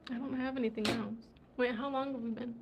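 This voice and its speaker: A woman's voice: on the high side, fairly even intonation, quick pace, highs cut off, slight background noise. A woman from the USA hosting a livestream, chatting casually and laughing often as she reads viewer comments, tired from travel. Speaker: livestream host. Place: indoors in Morocco.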